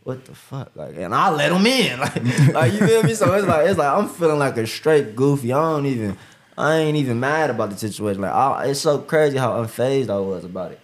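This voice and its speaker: A man's voice: mid-range voice, animated, fairly quick. A young man from Ohio telling a story in casual street slang, often saying "you feel me". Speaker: guest, upcoming rapper.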